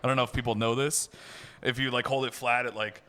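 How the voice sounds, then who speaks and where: A man's voice: medium pitch, flat delivery, fast, bright, forceful tone, clean tone. A man from Florida telling comic stories on a podcast, slangy and laughing, saying dude a lot. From Miami area, Florida. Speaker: comedian podcast co-host. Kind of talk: casual comedic storytelling.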